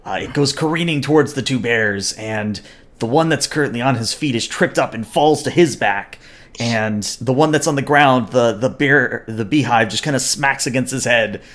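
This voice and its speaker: A man narrating a tabletop game as game master, relaxed, with frequent fillers. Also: mid-range voice, moderate pace.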